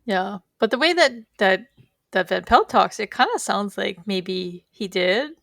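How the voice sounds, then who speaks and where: Gravelly woman chatting and laughing. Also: mid-range voice, expressive, unhurried, fairly bright tone, no room sound, studio quality. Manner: chatty, laughs often, retells scenes. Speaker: podcast co-host. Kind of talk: casual chat recapping a TV episode.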